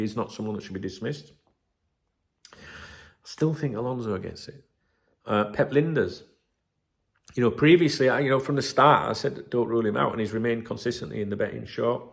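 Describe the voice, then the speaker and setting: A man's voice: on the low side, gravelly. A man hosting a football fan channel, talking in a rambling, casual way with plenty of swearing and fillers. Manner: rambling, swears freely, many fillers and asides. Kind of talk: casual solo commentary.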